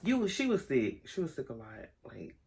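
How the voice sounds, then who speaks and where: Animated young woman telling a story. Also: a little fast, a little hiss or hum. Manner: animated storytelling, acts out quotes in high voices. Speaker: vlogger. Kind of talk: casual storytime chat.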